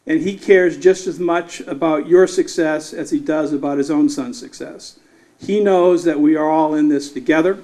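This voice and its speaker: A man with a slightly raised pitch speaks as a city mayor. He delivers measured, formal remarks at a town hall, pausing to acknowledge the officials present. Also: warm tone.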